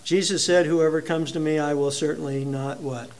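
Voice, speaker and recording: A male pastor preaching a sermon in a conversational, halting way, telling a personal story to his congregation. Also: a little high, steady tone, a little mellow.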